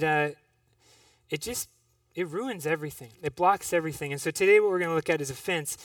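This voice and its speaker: A man's voice: a little high, fairly bright tone, no echo. Young male speaker, storytelling sermon, self-deprecating, frequent restarts; dry sound, distant mic.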